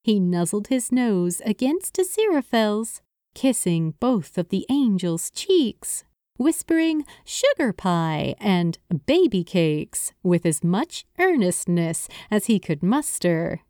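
A woman narrating a story aloud, in an expressive, unhurried reading. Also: medium pitch, no room sound, clean studio sound. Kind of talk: audiobook narration of fan fiction.

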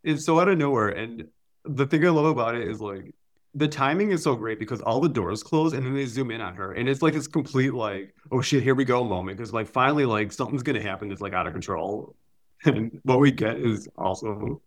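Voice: medium pitch, animated, brisk. A podcast guest talking casually and enthusiastically about a movie, full of "like" fillers. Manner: enthusiastic, filler-heavy, lots of "like". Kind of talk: casual chat.

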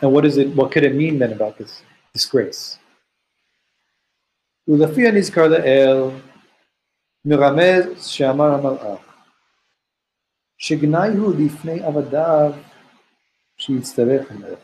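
A man's voice: on the high side, lively intonation, fairly quick, long pauses, a little mellow, a little hiss or hum, low-quality recording. A man teaching a study session. He reads Hebrew passages aloud and explains them in an earnest, searching way, often restarting his phrases. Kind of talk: text study lesson.

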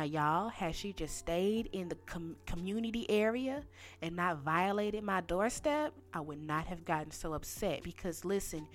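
A woman hosts her podcast in a casual, ranting monologue. Her speech is slangy and animated, and she keeps speaking directly to her listeners, with faint music in the background. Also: on the low side, measured pace. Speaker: podcast host.

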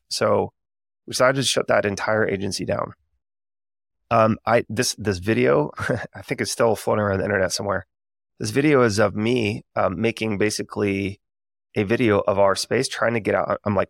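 A podcast host in his thirties, with a fairly low, gravelly voice, tells a candid and reflective story casually, using many fillers. The recording is clean studio sound with no room echo.

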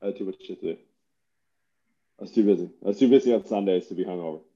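A man's voice: low-pitched, rapid-fire, mellow, dull audio. A man speaking as a guest in a casual podcast chat, enthusiastic and sweary.

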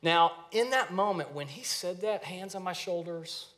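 A man in his thirties preaching a sermon in a conversational, storytelling way with lively asides. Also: on the high side, a little slow, few pauses. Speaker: pastor.

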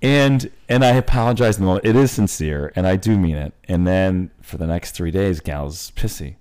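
Low-voiced man, blunt and profane. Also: normal speed, darkish tone, smooth. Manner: blunt, profane, jokey storytelling. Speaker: podcast co-host. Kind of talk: casual chat.

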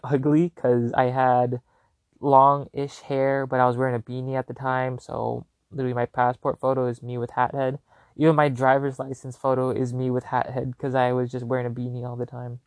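A young man chats through a personal story on his own podcast, loose and animated, circling back with lots of fillers. His voice sits in an ordinary middle register, and the sound is dry and close with no room around it. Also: mid-range voice, no echo. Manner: animated, rambling, filler-heavy. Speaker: podcast host. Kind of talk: casual storytelling.

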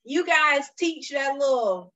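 A woman's voice: high-pitched, expressive, takes it slowly, bright, forceful tone, poor audio. A woman on a podcast panel talking bluntly and emphatically, cursing freely as she gives hard advice. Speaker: podcast co-host. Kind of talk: casual podcast chat.

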